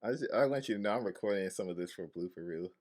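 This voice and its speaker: A man's voice: lowish voice, racing, a little mellow. A man hosting a casual group chat on a voice call, laughing often as he talks. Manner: giggly, breaks into frequent laughter. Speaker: podcast host. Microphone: online voice call.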